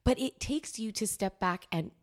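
A woman co-hosting a podcast, talking in a reflective, steady, supportive way. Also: medium pitch, normal speed. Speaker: podcast co-host. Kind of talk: candid podcast chat.

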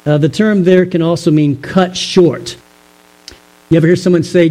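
A man with a fairly high, mellow voice teaches from scripture in a sermon. He talks in a measured, explanatory way and puts rhetorical questions to his listeners. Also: poor audio. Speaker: pastor.

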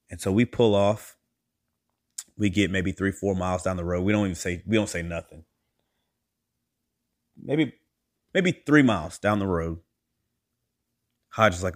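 Guy with a lowish voice telling a story on his podcast, animated, jumps way up in pitch when he acts out other people. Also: moderate pace, long pauses. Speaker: podcast host. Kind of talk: casual storytelling monologue.

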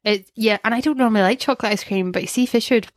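A woman's voice: medium pitch, quick pace, dry recording. Young woman, podcast co-host, chatty and self-mocking, dry close sound. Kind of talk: casual chat.

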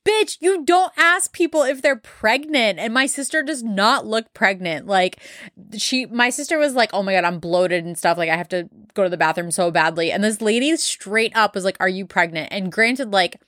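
A woman's voice: medium pitch, normal speed, fairly bright tone, dry recording, clean studio sound. A young woman hosting a podcast, telling a story in casual chat, full of fillers and blunt swearing. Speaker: podcast host.

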